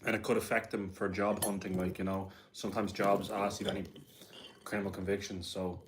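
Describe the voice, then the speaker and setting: Laid-back low-voiced guy. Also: little pitch movement, a little fast, background noise. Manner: laid-back, says "bro" constantly, laughs often. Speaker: livestream host. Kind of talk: casual livestream chat.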